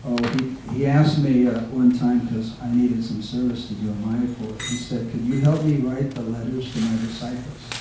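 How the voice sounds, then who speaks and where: A man giving an informal devotional remembrance talk, halting often with fillers and restarts as he recalls stories. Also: medium pitch, fairly even intonation, mellow. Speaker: guest speaker. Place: devotees' home, recorded from across a room. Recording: echoey room from far off, faint hiss.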